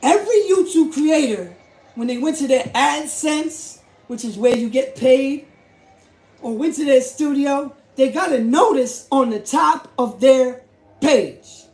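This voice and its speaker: A man hosting a commentary vlog, talking emphatically, repeating himself and building up to shouting. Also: extremely high pitch, unhurried. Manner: emphatic, repetitive, rising to shouts. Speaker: YouTube host. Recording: echoey room.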